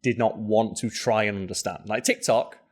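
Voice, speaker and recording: A man co-hosting a podcast, chatting casually with quick asides and frank swearing. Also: on the low side, steady tone. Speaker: podcast co-host. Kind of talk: casual chat.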